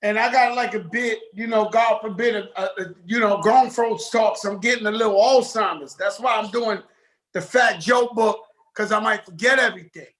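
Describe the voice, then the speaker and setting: High bright-voiced man, loose street slang. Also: moderate pace, poor audio. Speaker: guest. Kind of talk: casual interview chat.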